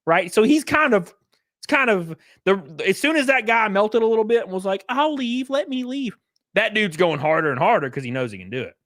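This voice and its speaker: A man's voice: high voice, very animated, a little fast, fairly bright tone, no room sound, clean studio sound. A man streaming live, giving casual, profane reaction commentary and acting out quotes as he tells stories.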